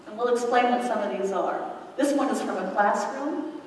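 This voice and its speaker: A middle-aged woman giving a parenting workshop talk, calm and explanatory, sometimes acting out what to say to a child. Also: fairly high pitch, normal speed, slight background noise. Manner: calm, explanatory, acts out example phrases. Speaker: parenting educator. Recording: echoey hall, distant mic.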